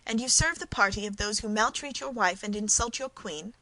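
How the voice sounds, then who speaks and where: A woman's voice: mid-range voice, a little fast, sharp tone, no echo, poor audio. A woman reading the part of a passionate young woman of twenty-three in a storybook reading, speaking with indignant force.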